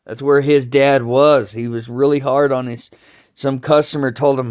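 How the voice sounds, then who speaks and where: A man telling family stories in a slow, halting way, restarting sentences often and cursing casually. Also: mid-range voice, fairly even intonation, a little mellow. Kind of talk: rambling family storytelling.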